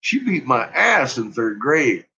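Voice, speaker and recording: A man's voice: medium pitch, sing-song, takes it slowly, pushed and bright, slightly rough. A middle-aged man telling stories about his son in casual chat, laughing constantly and swearing freely. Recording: dull lo-fi recording.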